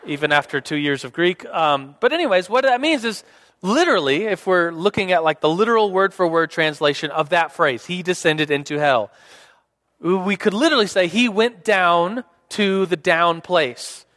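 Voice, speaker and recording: Young male preacher, casual and rambling, high voice, long hall reverb. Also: moderate pace, a bit bright. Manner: casual, rambling, many fillers and restarts. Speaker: pastor. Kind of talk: sermon. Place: church hall.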